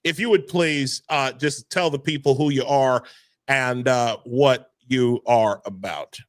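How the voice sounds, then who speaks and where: A man's voice: medium pitch, a little slow, dry recording, clean studio sound. A man hosting a podcast in a casual way, stammering and restarting his sentences often. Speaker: podcast host.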